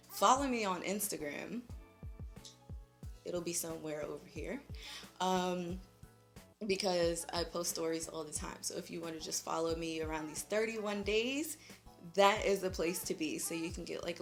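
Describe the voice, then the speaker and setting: A woman's voice: lowish voice, normal speed, soft background music. A young woman chatting in a casual vlog while doing her makeup, chatty and slangy and laughing often. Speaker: beauty vlogger.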